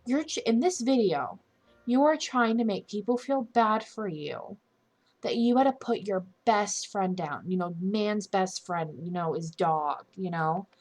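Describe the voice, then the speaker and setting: A woman's voice: medium pitch, unhurried, darkish tone, faint music behind. A young woman giving an indignant, earnest opinion commentary for her channel, often restarting and correcting herself mid-sentence. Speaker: commentary YouTuber.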